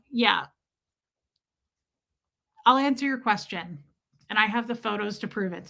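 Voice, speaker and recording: A middle-aged woman with a fairly high, sharp-toned voice hosts a casual livestream. She rambles, fills her talk with "like," and greets commenters by name in the middle of her stories.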